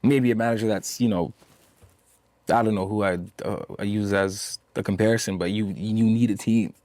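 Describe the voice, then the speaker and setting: Low-voiced young man, emphatic and repetitive. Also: steady tone, moderate pace, a little mellow, no room sound. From Zambia. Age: 20s. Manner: emphatic, repeats himself, many "you know"s. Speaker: musician guest. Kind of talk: casual interview.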